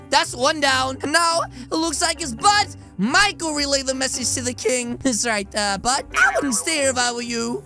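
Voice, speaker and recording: A woman roleplaying an ogre in an online game, talking to viewers in an excitable, exaggerated way and often shouting. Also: sits high, normal speed, hardly any pauses, faint music behind.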